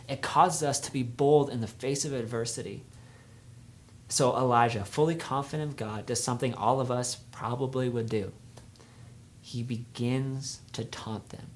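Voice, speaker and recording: A man's voice: medium pitch, slight background noise. Young male youth speaker, casual storytelling sermon, energy rising and dropping. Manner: conversational storytelling, swings from energetic to hushed.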